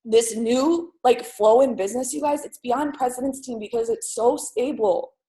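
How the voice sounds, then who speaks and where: High-voiced young woman giving a pep talk. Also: moderate pace, mellow. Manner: emphatic, repeats lines for effect, heavy use of "like". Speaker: team leader on a sales team call. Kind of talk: motivational pep talk on a group call. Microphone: call audio from a computer or phone mic.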